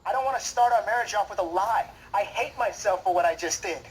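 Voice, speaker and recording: A man's voice: high-pitched, a little fast, breathy edge, low-quality recording. An actor in a TV drama, playing a man who talks in a defensive, guilt-ridden, pleading way. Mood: anguished. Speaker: soap opera character. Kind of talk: TV drama acting.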